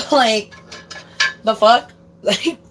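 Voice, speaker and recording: A woman's voice: fairly high pitch, extremely slow, a bit bright, slight background noise. A young woman chatting casually while doing dishes at home, swearing freely and dropping in Spanish phrases. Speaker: streamer. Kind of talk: casual chat while cooking. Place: home kitchen.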